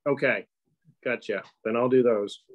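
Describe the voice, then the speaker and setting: A man on a town board, chatty, asking quick questions about the minutes. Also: mid-range voice, steady tone. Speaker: selectboard member. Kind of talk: casual meeting talk. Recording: muffled meeting recording.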